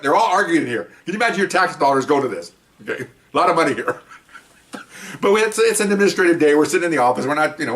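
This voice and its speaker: Older guy rattling off cop stories, acts out all the voices, sounds kinda far off the mic. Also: mid-range voice. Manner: animated, acts out other people's voices, laughs often. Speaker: retired police officer telling stories. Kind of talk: casual storytelling monologue.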